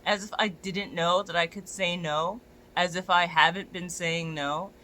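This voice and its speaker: A young adult dog walker ranting to a phone camera, exasperated and profane, often climbing to near-shouts. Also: medium pitch, fairly even intonation, a little slow.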